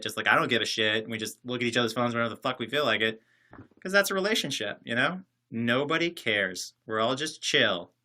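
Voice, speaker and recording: A man's voice: medium pitch, sharp tone. A man casually chatting on a livestream, reading viewer comments and answering them in a sarcastic, joking, rambling way. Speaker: livestream host reading chat. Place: separate building, alone.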